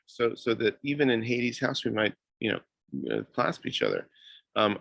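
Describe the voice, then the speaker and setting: A man's voice: medium pitch, normal speed, gravelly, a bit bright, dry recording. A man giving a university lecture, hesitant, with many fillers and restarts.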